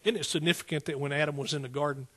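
A husky-voiced man preaching a sermon in a slightly high register. He addresses the congregation casually, with calls of "y'all", and swells to emphatic peaks before settling back. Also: fairly even intonation, very fast, pushed and bright. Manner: rises to emphatic exclaiming peaks; Southern "y'all" speech.

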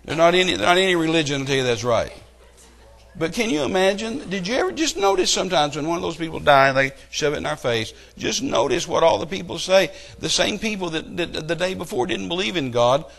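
A middle-aged man preaching a sermon, telling stories and building to loud, emphatic outbursts. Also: on the high side, brisk, creaky. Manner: animated storytelling with rising outbursts.

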